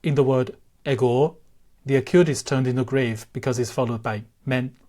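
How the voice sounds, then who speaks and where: A man talks through a lesson in a measured, careful voice with a soft, breathy edge. His pitch sits in the middle range, and he stops now and then to sound out example words slowly. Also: fairly even intonation. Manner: measured, careful, demonstrates word pronunciations aloud. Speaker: language teacher. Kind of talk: explanatory lesson narration.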